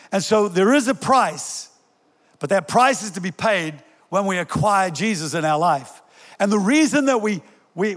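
Older male pastor preaching in a hall. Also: sits high. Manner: conversational, jokes with the congregation. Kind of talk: sermon. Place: church hall.

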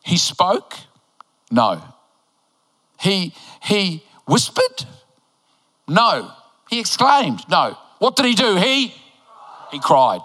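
An older pastor from New Zealand, his voice bright and high-pitched, preaches in a church auditorium. His sermon is emphatic and animated, with playful joking asides, drawn-out words and long pauses. Long hall reverb makes his voice ring out.

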